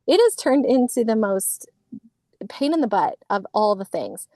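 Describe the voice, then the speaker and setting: A woman guest in a casual live-stream interview, explaining her business in a brisk, upbeat way. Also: a little high, big pitch swings, warm tone, no echo.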